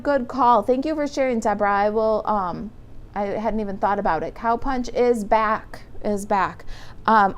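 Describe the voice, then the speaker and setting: Chatty middle-aged woman crafting live. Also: mid-range voice. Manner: chatty, rambling, reads viewer comments aloud. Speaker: stamping demonstrator.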